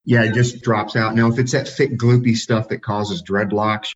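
Low-voiced guy telling easygoing stories, kinda dull lo-fi sound. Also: moderate pace. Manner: relaxed, anecdotal, chuckles at his own stories. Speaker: dog breeder guest. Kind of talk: casual storytelling.

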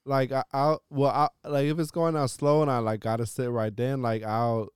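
A man's voice: medium pitch, level tone, moderate pace, smooth, no echo, clean studio sound. A young man hosting a podcast, talking casually with many fillers and restarts. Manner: hesitant, filler-heavy, reads ad spots. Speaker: podcast host. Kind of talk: casual chat.

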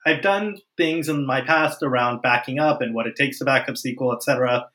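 Bright-voiced man co-hosting a podcast. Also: medium pitch. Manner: self-deprecating, quick to laugh. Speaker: podcast co-host. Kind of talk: casual podcast chat.

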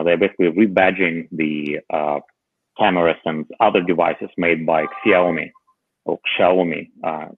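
A man on a podcast panel chatting casually about tech, halting often with filler pauses. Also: low voice, dry recording. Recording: tinny phone-like remote line.

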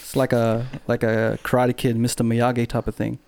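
A man's voice: medium pitch, monotone, normal speed, gravelly, darkish tone. A man co-hosting a podcast, chatting in an enthusiastic, upbeat way. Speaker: podcast co-host. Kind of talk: casual chat.

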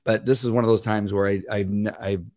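A man co-hosting a podcast, speaking in a measured, thoughtful way and searching for his words. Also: on the low side, flat delivery, darkish tone. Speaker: podcast co-host. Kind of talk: casual faith conversation.

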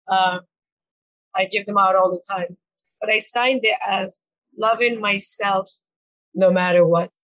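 A woman's voice: medium pitch, fairly bright tone, highs cut off. A woman coach speaking as a podcast guest, talking in a reflective, earnest way with frequent fillers and repeated words. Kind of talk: conversational interview.

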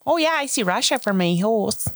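A woman's voice: a little high, lively intonation, moderate pace, very noisy, pitched above the performer's own voice. A woman putting on a folksy Midwestern suburban mom voice with a sing-song Upper Midwestern accent.

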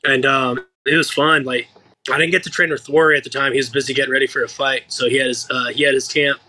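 A young man from the States tells stories in a bright, forceful voice. He is animated and profane, and he mimics the people he quotes as he goes. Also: medium pitch, quick pace, slight background noise. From United States. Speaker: guest fighter. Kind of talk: casual interview storytelling.

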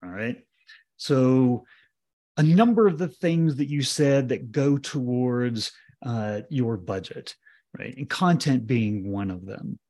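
A podcast host interviewing for a business show frames his questions conversationally, often rephrasing mid-sentence. His voice is medium-pitched and dark in tone, with lively intonation, and he takes his time.

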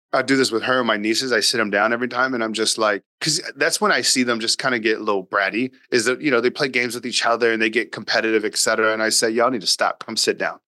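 A man's voice: medium pitch, sharp tone, no room sound. A man guesting on a parenting podcast, talking casually and emphatically, acting out talks with his daughter, blunt and sometimes swearing. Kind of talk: casual interview talk.

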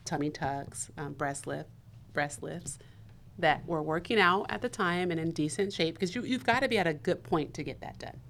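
A woman with a somewhat low voice co-hosts a podcast. She talks casually and backs up the others with frequent short affirmations. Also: moderate pace, a bit bright, slight background noise. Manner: supportive, many short affirmations, laughs easily. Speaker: podcast co-host.

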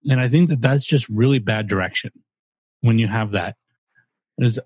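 A man's voice: medium pitch, moderate pace, a little mellow, slightly rough, dry recording. A man co-hosting a podcast, talking in an opinionated, rambling casual way with some swearing. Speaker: podcast co-host. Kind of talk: casual chat.

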